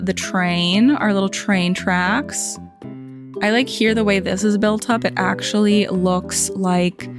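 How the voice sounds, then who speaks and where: Chatty woman touring a game island. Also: medium pitch. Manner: chatty, lots of "like" and "um" fillers; playful, jokes at game characters. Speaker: gaming video host. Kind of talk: casual game tour commentary. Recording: faint music underneath.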